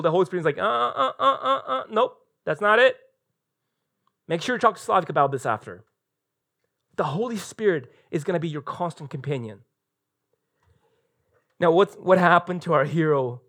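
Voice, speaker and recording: A man with a high-pitched voice preaching a live church sermon. He tells the story with animated energy and slips into voices for the quoted lines. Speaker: pastor. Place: church sanctuary, recorded live.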